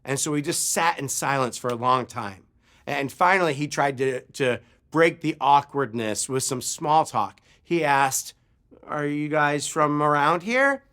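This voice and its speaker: A man preaching a sermon, telling a personal story with animated delivery and acted-out shouts. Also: medium pitch, measured pace. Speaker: pastor.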